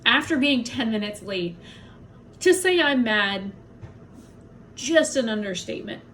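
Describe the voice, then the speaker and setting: A woman's voice: a little high, expressive, measured pace, fairly bright tone, slight background noise. A woman vlogger in an angry personal rant to camera, swearing heavily and blunt, upset and in pain from a migraine. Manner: heavy swearing, blunt and indignant.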